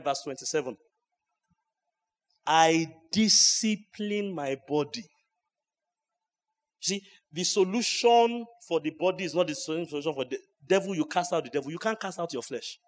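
A man preaching at a church service, swinging between hushed asides and loud shouts. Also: a little high, normal speed, pauses often. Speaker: pastor. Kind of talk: sermon.

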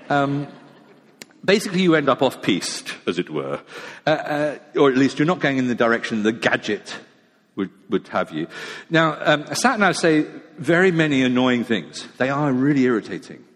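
A middle-aged man, preaching a sermon in a chatty, self-mocking storytelling way. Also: mid-range voice. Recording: long echo of a large hall.

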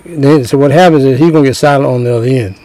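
A man's voice: mid-range voice, quick pace, dark tone, low-quality recording. A middle-aged man giving emphatic, preachy relationship advice, repeating his points and acting out little scenes. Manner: emphatic, repetitive, acts out scenes.

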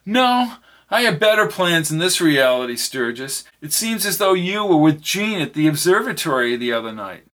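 A man's voice: on the high side, sing-song, moderate pace, a bit bright, voice pushed up. A man voicing a cold, smug villain who taunts his captive in an audiobook reading. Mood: taunting. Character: cold menacing man who manipulates realities.

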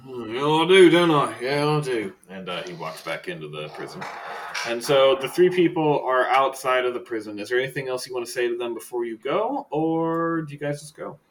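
A man narrating as game master of a tabletop game, relaxed and rambling. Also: medium pitch, a little fast, a little hiss or hum.

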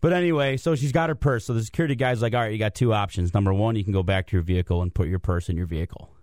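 A man on a radio sports show, telling a lively, self-mocking story about his day in casual chat. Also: lowish voice, racing, no echo, studio quality. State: out of breath from cold. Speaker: guest commentator.

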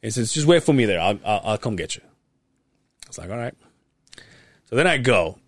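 A man's voice: on the low side, a little fast, no echo, clean studio sound. A young man co-hosting a podcast, telling a long casual story full of swearing and quoted voices. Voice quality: profane, animated retelling with quoted voices. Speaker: podcast co-host.

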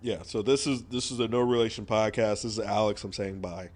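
A man co-hosting a podcast, talking in a deliberate, wry way and often correcting himself. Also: fairly low pitch, steady tone. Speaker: podcast co-host. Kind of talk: casual joking chat.

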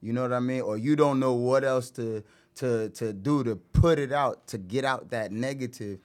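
A man guest on a podcast, speaking in a reflective, halting way with many restarts and AAVE phrasing. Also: medium pitch, a little mellow, clear, resonant tone. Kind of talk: casual chat.

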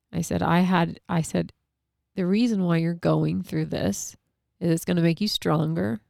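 A woman's voice: sits low, creaky, darkish tone, dry recording, studio quality. A middle-aged woman telling a personal parenting story in a candid, emotional way, with lots of casual fillers. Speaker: mother sharing a parenting story.

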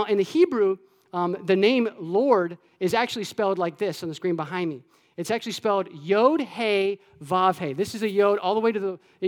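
A man from Florida preaching a sermon to his church, animated, acting out voices and dropping to a hush at times. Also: high-pitched. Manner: animated, acts out God's voice and his own childhood taunts, with soft hushed stretches. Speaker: pastor. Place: church sanctuary with long reverb. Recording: echoey church hall.

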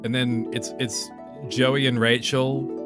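A man's voice: medium pitch, level tone, takes it slowly, over music. A young man co-hosting a casual podcast chat, riffing on absurd jokes. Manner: jokey, riffing absurd bits. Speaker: podcast co-host.

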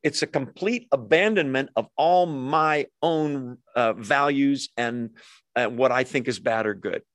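A man's voice: mid-range voice, unhurried, dry recording. A middle-aged man preaching a sermon in a conversational way, with rhetorical questions and humorous asides. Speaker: pastor.

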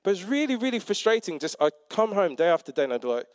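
Young male preacher, chatty storyteller, raised pitch, dry sound. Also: fast, hardly any pauses, no echo. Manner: animated, self-mocking, acts out quotes. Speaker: preacher and teacher. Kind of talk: conversational sermon storytelling.

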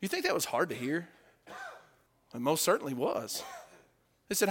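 Man preaching, from hushed to loud. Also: on the high side, big pitch swings, fairly quick. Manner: conversational, swings between hushed asides and loud emphatic peaks; asks the listeners questions and acts out quotes. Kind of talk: sermon.

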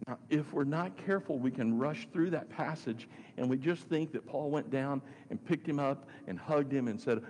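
A man's voice: mid-range voice, moderate pace, few pauses, darkish tone. A man preaching a sermon, stressing his points by repeating phrases. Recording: long hall reverb with faint noise.

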